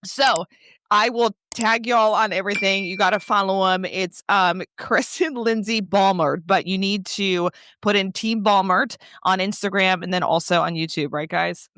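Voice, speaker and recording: A woman's voice: medium pitch, fairly even intonation, moderate pace, a bit bright, no room sound, clean studio sound. A woman hosting a casual video-call interview, giggling between phrases, her voice worn from laughing. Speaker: host.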